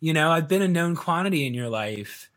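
Animated man acting out dialogue. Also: on the high side, fairly quick. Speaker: sales video coach, guest. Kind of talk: casual podcast interview.

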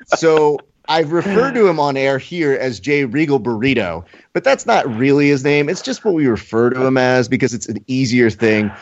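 A man's voice: medium pitch, animated, moderate pace, hardly any pauses, highs cut off. A man co-hosting a casual talk show, ranting in mock outrage and telling stories with theatrical flair. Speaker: podcast co-host. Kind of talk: casual banter, playful ranting.

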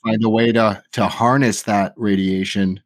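A man in his forties playing a tabletop game, measured and a little halting. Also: fairly low pitch, steady tone, dry recording. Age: 40s. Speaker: player.

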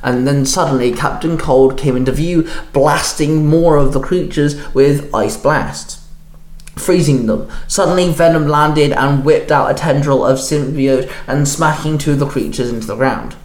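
A man's voice: on the high side, normal speed, darkish tone. A man reading his fan fiction story aloud as narrator. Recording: echoey room.

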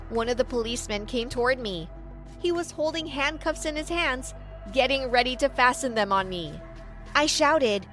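A woman tells a first-person story in an earnest, dramatic way. Her voice sits high, with soft music playing underneath. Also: animated, moderate pace. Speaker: story narrator.

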